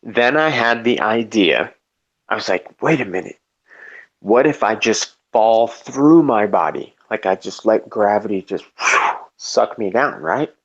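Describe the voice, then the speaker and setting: Man, low voice, rambling casual story, swears a lot, lots of filler, dull lo-fi sound. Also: expressive, a little slow, fairly bright tone. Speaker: storyteller in a live debate chat. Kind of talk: casual chat.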